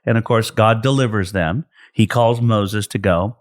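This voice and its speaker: A middle-aged man from California with a low-pitched voice, talking as a pastor in a relaxed podcast chat. He explains scripture earnestly and often stops and restarts his sentences as he thinks aloud. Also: a little slow. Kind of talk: casual faith podcast conversation.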